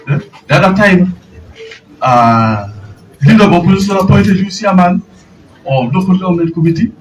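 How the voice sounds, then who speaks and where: A man's voice: high voice, sing-song, fairly quick. A man with a Ugandan English accent, speaking as a candidate at a press conference and recounting exchanges. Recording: distant mic, noisy outdoor ambience.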